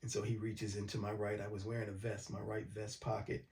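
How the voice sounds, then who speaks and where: A man from mid-state New York, calmly recounting a personal story in a documentary interview. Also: lowish voice, fairly quick, vocal fry.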